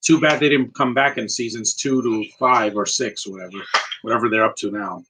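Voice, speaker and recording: A man giving casual live movie commentary, rambling and answering viewers' questions with quick opinions. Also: mid-range voice, steady tone, bright, forceful tone, a little hiss or hum, rough recording.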